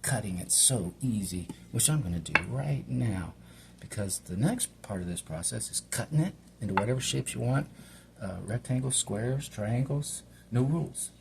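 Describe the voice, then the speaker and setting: Middle-aged male home cook, chatty and meandering, gravelly tone, faint background noise. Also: mid-range voice, animated, moderate pace. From Hawaii. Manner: chatty, meandering, talks to himself while working. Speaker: home cook and channel host. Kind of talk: rambling casual cooking vlog.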